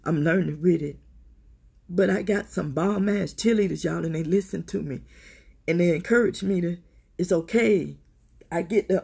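Gravelly husky middle-aged woman, candid. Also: lowish voice, moderate pace, warm tone. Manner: candid, emotional, swears, keeps addressing listeners. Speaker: podcast host. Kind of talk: personal confessional talk.

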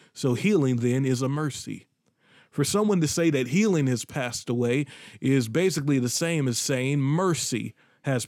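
A man's voice: on the high side, a little mellow, dry recording, clean studio sound. A man preaching a podcast sermon, repeating phrases for emphasis and breaking into sudden whoops and exclamations.

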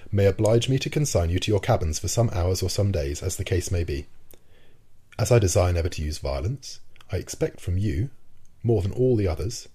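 A man reading the part of a stern, aloof male submarine captain in a measured, formal way. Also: deep voice, mellow, breathy edge. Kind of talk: audiobook reading.

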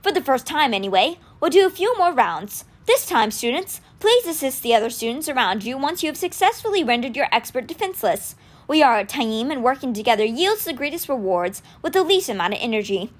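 Woman voicing a booming stone statue teacher. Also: big pitch swings. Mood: instructive. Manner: booming, slow commands. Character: enormous commanding female stone statue teacher.

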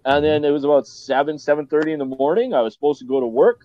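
A man's voice: fairly high pitch, quick pace, warm tone, muffled recording. A man with a Canadian accent, a podcast guest telling his story bluntly and candidly, swearing freely and restarting often.

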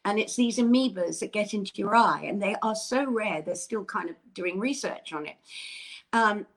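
An older woman guest in a casual interview, talking in an animated, bubbly and effusive way. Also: mid-range voice, moderate pace. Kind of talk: casual chat.

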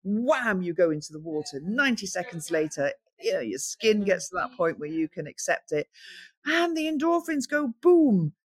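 A woman's voice: on the low side, moderate pace, breathy edge, no room sound. Woman telling stories with a lot of energy, acts out the voices, dry close sound. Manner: animated storyteller, acts out quoted voices. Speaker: guest, founder of a cold water swimming group. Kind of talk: lively anecdotal conversation.

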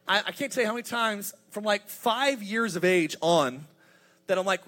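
High-voiced energetic preacher, a man in his thirties. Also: normal speed. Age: 30s. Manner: energetic, humorous storytelling with rising emphasis. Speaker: pastor. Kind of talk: sermon.

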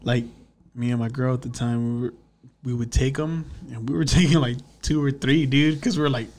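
A man co-hosting a podcast, chatting casually in a relaxed, rambling way with laughing asides. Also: medium pitch, moderate pace. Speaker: podcast co-host. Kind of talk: casual chat.

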